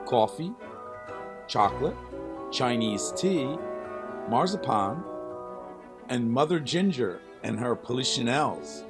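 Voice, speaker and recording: A man reading a children's storybook aloud with expressive narration. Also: mid-range voice, slow pace, long pauses. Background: faint music.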